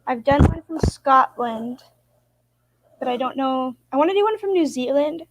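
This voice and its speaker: A woman's voice: high voice, animated, moderate pace, dry recording, rough recording. A woman from Idaho hosting her own channel, chatting casually and filling her talk with "like". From Idaho, United States. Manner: chatty, lots of "like". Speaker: channel host. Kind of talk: casual interview chat.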